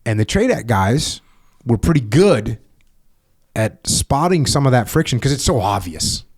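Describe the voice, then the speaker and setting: A man's voice: mid-range voice, big pitch swings, unhurried, darkish tone, husky. A middle-aged man hosting a podcast, telling stories casually and acting out quoted voices with emphasis. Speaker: podcast host. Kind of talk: casual conversational storytelling.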